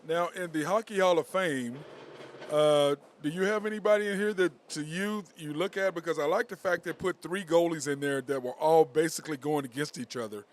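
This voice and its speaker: A man with a somewhat high voice hosting a casual sports talk show. He keeps asking questions and cuts in with his own points. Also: brisk. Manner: asks questions, interjects. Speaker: host.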